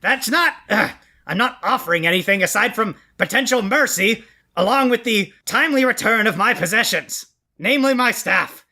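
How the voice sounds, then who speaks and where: A man voicing a blustering male villain, shrill and whiny as he demands his staff back. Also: lively intonation, moderate pace, bright, forceful tone, full character voice. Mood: indignant.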